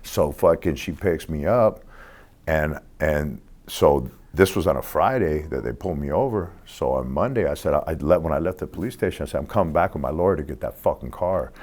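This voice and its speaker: A man's voice: a bass voice, animated, a little fast, darkish tone. A man in his sixties telling street stories in a casual, profane way as an interview guest, acting out the people in them. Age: 60s. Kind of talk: casual storytelling.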